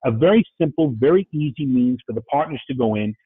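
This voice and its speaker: A man from New York with a New York accent, giving a fast-paced webinar presentation and checking in with "right?" and "okay?" as he goes. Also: medium pitch, animated. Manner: fast-talking, frequent "right?" and "okay?" asides. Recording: phone-like, dry, husky sound.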